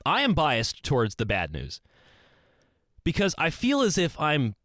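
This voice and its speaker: A young man talks through his thoughts in an earnest, rambling solo podcast, often circling back and restarting. His somewhat high voice rises and falls a great deal. The sound is dry and close, with no room echo. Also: wildly swooping pitch, unhurried, a bit bright. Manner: earnest, rambling, with many restarts and swings in pitch. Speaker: podcast host. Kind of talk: casual solo monologue. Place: small closet.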